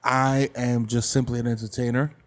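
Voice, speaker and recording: A man putting on a prim formal gentleman. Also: mid-range voice, flat delivery, voice pushed down, natural voice. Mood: defensive. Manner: slow, prim and measured. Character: stiff, overly formal man defending himself. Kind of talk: improvised comedy skit.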